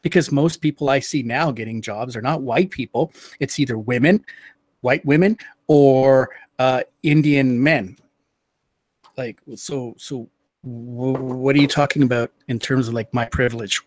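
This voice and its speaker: A man on a livestream show casually recounting a personal story in a measured, halting way with frequent restarts. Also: medium pitch, a little mellow, no room sound. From Canada. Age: under 60.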